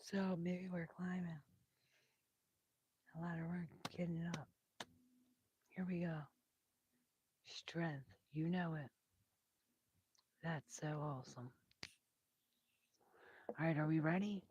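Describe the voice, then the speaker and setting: A soft-spoken woman reading tarot on a live stream, with a breathy, whispery voice that drifts into whispers and carries lasting damage from intubation. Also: lowish voice, fairly even intonation, slow, pauses often, dull audio, a little hiss or hum. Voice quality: breathy, whispery, hoarse-edged voice. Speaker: tarot reader.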